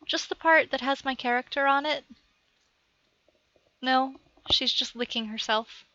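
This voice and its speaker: A woman talks slowly and chattily through a game tutorial at her home computer, stopping now and then to address her cat. Her voice is bright and crisp. The recording sounds dull and lo-fi. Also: sits high, no echo. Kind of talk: rambling gameplay tutorial.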